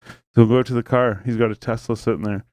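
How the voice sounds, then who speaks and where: A man's voice: medium pitch, fairly even intonation, fast talker, darkish tone. Rambling, foul-mouthed man telling stories. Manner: swears a lot, rambling storytelling with many fillers. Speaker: podcast host. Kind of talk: casual podcast chat.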